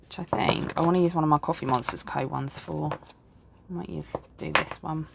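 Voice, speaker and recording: Against a noisy background, a woman with a low, vocal-fry voice speaks at normal speed with fairly even intonation. The planner vlogger, in her thirties, is tired and yawning as she casually chats while crafting, rambling and making self-deprecating remarks while setting up her planner at home.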